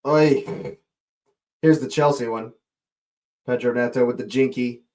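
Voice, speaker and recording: A man hosts a live watch-along, giving fan play-by-play commentary and chatting with viewers, greeting them as he goes. He's excitable, his voice leaping up at near chances. His voice is mid-range and unhurried.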